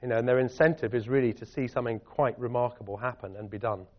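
A middle-aged Scottish man, a guest speaker, fields audience questions at a public talk in a chatty, self-deprecating manner. His mid-range voice moves at a quick pace with fairly even intonation, captured on dull lo-fi audio.

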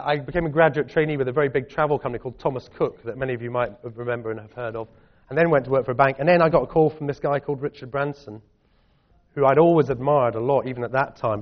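A middle-aged Scottish man answering audience questions in a chatty, self-deprecating way. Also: mid-range voice. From Scotland. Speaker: guest speaker. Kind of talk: public talk and Q&A. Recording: dull lo-fi audio.

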